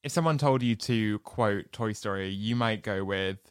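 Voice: mid-range voice, moderate pace, clean tone, no room sound. A podcast co-host in casual chat, telling stories animatedly and laughing often.

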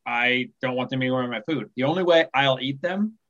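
A man in his forties, a podcast guest, speaking softly in casual chat and trailing off at the ends of phrases. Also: medium pitch, fairly quick, lo-fi sound. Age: 40s.

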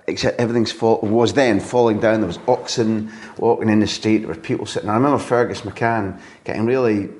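A middle-aged Scottish man with a slightly low voice hosts a relaxed sports interview. He tells anecdotes energetically, dropping into quoted voices as he goes. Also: fairly quick, few pauses. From Scotland. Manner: lively storyteller with quoted asides. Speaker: interviewer and football journalist. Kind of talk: casual interview chat.

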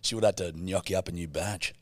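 Blokey Australian man, low voice. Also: steady tone, quick pace. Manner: blokey, swears freely, cracks puns. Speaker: podcast co-host. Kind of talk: casual banter.

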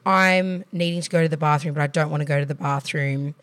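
A woman's voice: deep voice, fairly even intonation, fast, a bit bright, dry recording. A woman in her thirties with an Australian accent, hosting a podcast and telling frank, chatty stories with laughs. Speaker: podcast host. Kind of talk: casual chat.

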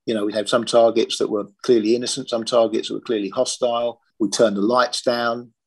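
A man's voice: mid-range voice, level tone, brisk, slightly rough. An older man from Britain, a former police firearms officer, telling his story in a plain-spoken, matter-of-fact interview.

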